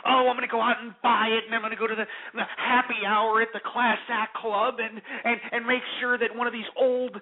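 A man on a talk radio show voicing a giddy young woman who gushes breathlessly over a royal wedding, in a mocking falsetto. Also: level tone, a little fast, few pauses, narrow, tinny audio. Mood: gushing.

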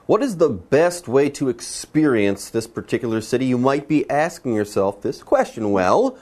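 A man's voice: medium pitch, sing-song, moderate pace, darkish tone. Easygoing male lesson host. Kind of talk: casual explanatory chat.

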